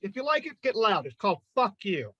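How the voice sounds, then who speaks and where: A man's voice: sits high, big pitch swings, brisk, sharp tone, no echo, highs cut off. A man in his fifties hosting a chat and then doing a loose, profane stand-up set. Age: 50s. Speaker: podcast host and amateur stand-up comic.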